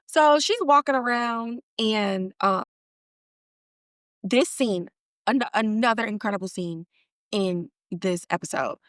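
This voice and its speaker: A woman's voice: medium pitch, takes it slowly, long pauses, a bit bright, no echo, clean studio sound. A woman hosting a podcast and recapping a TV episode in casual, slangy storytelling that is full of animation and laughter. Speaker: podcast host.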